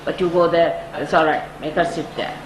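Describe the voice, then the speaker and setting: An older woman gives a spoken devotional talk to followers. She tells stories with sudden high lifts for emphasis. The recording is roomy and echoey, with a steady noise bed underneath. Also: a little fast. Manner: storytelling, rises sharply when stressing points. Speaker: spiritual teacher. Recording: echoey room with audible noise.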